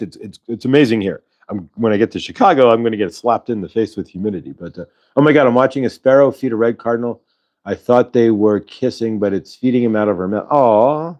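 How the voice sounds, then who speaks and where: A man's voice: medium pitch, darkish tone. A man hosting a live-stream show, chatting casually with viewers in a rambling way, full of fillers and restarts. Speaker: host of a live spiritual channeling show. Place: at home in Colorado.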